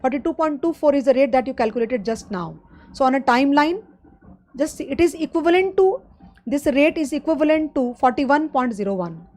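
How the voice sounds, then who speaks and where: A high-pitched woman with an Indian English accent teaching exam finance in a live online class. She explains each step plainly and keeps checking in with her students as "guys." Her voice sits well above most women's. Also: expressive, a little fast. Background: loud drums of a street festival.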